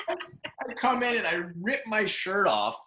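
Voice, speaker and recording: Male podcast co-host, lively storyteller, bright tone, lots of laughter, echoey room. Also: high-pitched, slight background noise. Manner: animated, laughs often, acts out quoted lines. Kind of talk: casual anecdote telling. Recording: roomy echo.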